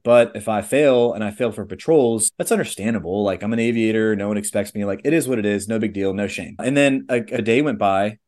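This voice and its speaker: A man's voice: fairly low pitch, darkish tone. A man in his thirties telling a personal story in a casual interview, earnest and rambling, with lots of "like" and "legit". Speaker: podcast guest, airline pilot.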